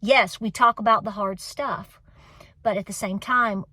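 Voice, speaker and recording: Her mid-range voice is unhurried and bright with a forceful tone and fairly even intonation, captured dry. A woman in her 40s with a Southern accent, she hosts a homestead vlog, speaking to viewers emotionally and encouragingly, close to tears, with phrases repeated for emphasis.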